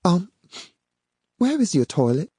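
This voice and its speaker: A man's voice: big pitch swings, a little slow, warm tone, slightly rough, no echo, studio quality, heavily acted. A man voicing a troubled young woman with a blunt, clipped way of talking in an audiobook. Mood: curious. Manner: blunt, clipped, raised-pitch delivery. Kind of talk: audiobook character voice.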